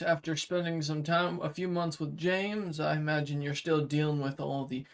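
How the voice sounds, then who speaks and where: A man narrating as game master, rambling with many fillers. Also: fairly high pitch.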